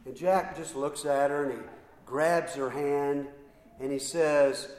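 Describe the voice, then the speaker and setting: A middle-aged man preaching a sermon, telling a story slowly with many repeated "and"s and pauses. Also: fairly high pitch, fairly even intonation, darkish tone, a little hiss or hum. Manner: slow, halting storyteller with repeated ands and pauses. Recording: roomy hall with long reverb.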